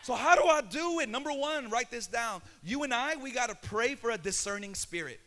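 A young man with a Filipino accent preaches with high-pitched fervor. He swings between easy, joking asides and rising, shouted prayers. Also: lively intonation, brisk, a little hiss or hum. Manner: passionate, builds to shouting, mixes in Tagalog. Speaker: pastor. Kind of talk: sermon.

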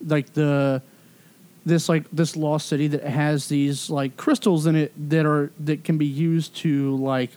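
Rambling man, fairly high voice. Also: little pitch movement, a little slow, a little mellow. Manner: rambling, filler-heavy, profane storytelling. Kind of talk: casual chat.

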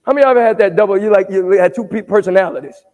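A man with a notably high voice preaches a sermon in a church sanctuary, tossing questions out for the congregation to answer. He pushes up into shouted emphasis at times, and his words ring out with the long reverb of a large hall. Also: rapid-fire, muffled recording. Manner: call-and-response preaching, asking the congregation to answer back. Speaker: pastor.

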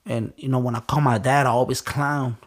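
Halting, blunt storytelling from a man from Chicago, in a plain mid-pitched voice. He restarts his sentences often and talks rough and profane, as an interview guest recounting his own life. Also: fairly even intonation. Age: adult.

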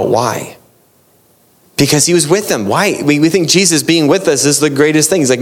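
A man's voice: a little high, animated, moderate pace. A man preaching a sermon, earnest and explaining, often repeating and restarting his phrases.

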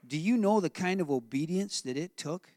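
A man's voice: sits high, normal speed, no room sound, clean studio sound. A man preaching a sermon, switching between storytelling and direct questions to the congregation. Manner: animated preaching, acts out Joseph's voice, asks the room questions. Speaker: pastor.

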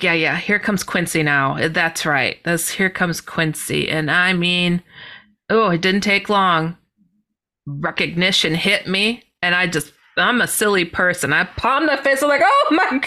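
A woman guest telling a personal story in a lively way, laughing and exclaiming often. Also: on the low side, unhurried. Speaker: guest author.

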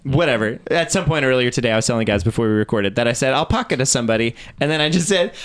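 A man co-hosting a podcast, talking casually and excitably, giggling often. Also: medium pitch, racing. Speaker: podcast co-host.

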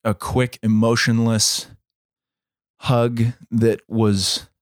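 A man co-hosting a podcast, telling a story in a measured, dramatic way. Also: mid-range voice, little pitch movement, no echo, clean studio sound. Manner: measured, dramatic storytelling, acts out quoted voices. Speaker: podcast co-host. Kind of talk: storytelling in casual chat.

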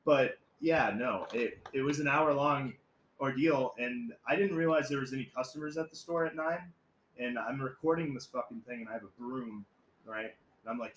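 A man's voice: medium pitch, normal speed. A young man co-hosting a podcast, telling rambling stories in casual crude chat, swearing a lot and laughing. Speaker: podcast co-host. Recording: echoey room with faint background noise.

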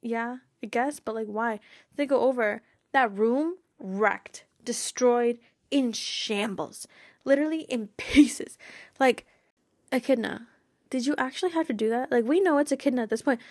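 A woman hosts a casual fan podcast in a bright, higher voice. She gushes and giggles, and her thoughts tumble out loosely. The sound is dry and close, with no room around it. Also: normal speed, no room sound. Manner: bubbly, giggly, gushing; rambling with frequent fillers like "like" and "you know". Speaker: podcast host.

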